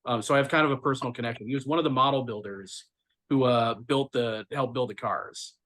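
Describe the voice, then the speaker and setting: A man's voice: mid-range voice, a little fast, rough recording. A man co-hosting a film podcast, analytical, sharing what a professor taught him, with frequent ums. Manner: animated, analytical, many fillers. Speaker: podcast co-host. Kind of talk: casual movie discussion.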